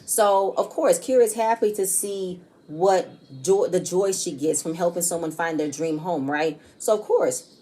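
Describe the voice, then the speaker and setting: A chatty woman recaps a reality show episode in a casual, blunt way. Her voice sits a bit low and sounds warm and mellow, and she swears freely as she goes. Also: measured pace. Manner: chatty, repeats "you know what I'm saying", swears freely.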